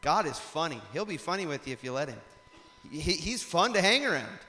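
A man preaching a sermon in a lively storytelling way, rising to loud emphatic passages. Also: on the high side, fairly quick. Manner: animated storytelling, acts out shouts and laughs. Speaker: pastor. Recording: long hall reverb.

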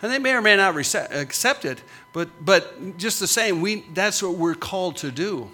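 A man's voice: sits high, expressive, normal speed, pushed and bright. A middle-aged man preaching as a pastor, with emphatic, punchy repetitions that rise and fall. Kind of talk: sermon.

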